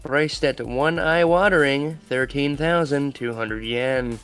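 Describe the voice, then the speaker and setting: A man's voice: mid-range voice, takes it slowly, fairly bright tone, clean tone, soft background music. A man co-hosting a podcast, reading an article aloud with wry asides. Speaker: podcast co-host.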